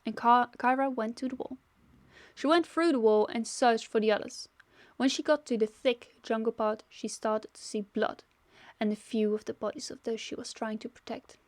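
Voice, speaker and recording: A woman reads her own story aloud in a relaxed, homemade way, now and then tripping over names and correcting herself. Her voice sits fairly high. The recording is close and dry. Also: moderate pace, no room sound. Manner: casual, self-correcting reader. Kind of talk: casual story reading.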